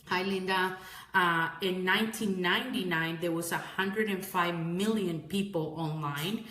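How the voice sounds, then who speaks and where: A woman's voice: fairly low pitch, measured pace, pushed and bright, echoey room. A woman giving a casual live-streamed talk on marketing, rambling and correcting herself often, sounding tired and calling her viewers "guys.".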